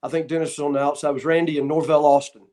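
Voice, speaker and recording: A man's voice: a little high, very fast. A man from the Florida Panhandle, a guest who tells casual stories about his start in wrestling and acts out what other people said. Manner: animated anecdotes, acting out what others said. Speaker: guest, former wrestler and referee. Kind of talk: casual storytelling.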